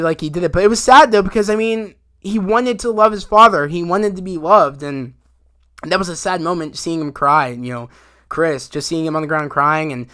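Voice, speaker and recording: A man casually recapping a TV episode in a rambling, excited way, full of fillers and quick asides. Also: high-pitched. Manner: rambling, animated retelling with many fillers and acted quotes. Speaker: video reviewer.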